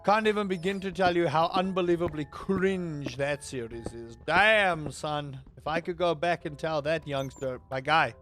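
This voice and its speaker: A man's voice: a little high, normal speed, hardly any pauses, fairly bright tone. A man streaming live, chatting casually and rambling as he answers his chat. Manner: rambling, talks to chat, self-interrupting. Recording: faint music behind.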